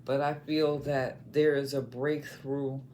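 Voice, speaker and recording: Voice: medium pitch, little pitch movement, takes it slowly, mellow, slight background noise. A tarot reader giving a casual spoken reading, musing in short loose phrases and often checking in with listeners by asking "okay?". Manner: talks in short loose phrases with many fillers.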